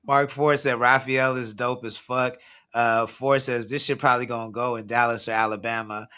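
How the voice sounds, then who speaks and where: Chill guy hosting a music review stream, bright voice, swears a lot, laughs, reads out chat. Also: medium pitch, level tone, normal speed, clean tone. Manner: laid-back, swears freely, laughs often, restarts sentences. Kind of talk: casual livestream chat, reading out viewer comments.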